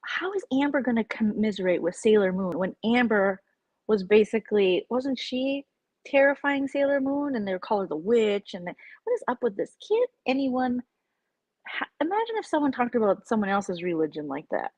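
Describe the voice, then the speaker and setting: A woman's voice: on the high side, big pitch swings, moderate pace, a little mellow, dry recording. A woman vlogger in casual live-stream chat, rambling and opinionated as she reacts to her viewers' comments.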